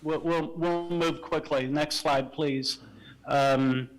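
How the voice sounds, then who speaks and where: A man joins a council meeting by video call to wrap up a project for the applicant. His voice sits fairly high and stays flat, and he stumbles and repeats words as he goes. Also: takes it slowly, rough recording. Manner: hesitant, repeats words while restarting. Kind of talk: remote presentation at a council meeting.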